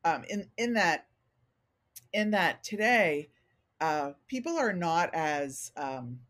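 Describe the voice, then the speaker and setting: A woman's voice: fairly low pitch, slow. A middle-aged woman consultant speaking candidly as a guest in a casual interview, acting out what people say to her. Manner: candid, animated, acts out quoted remarks. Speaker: organizational consultant, podcast guest.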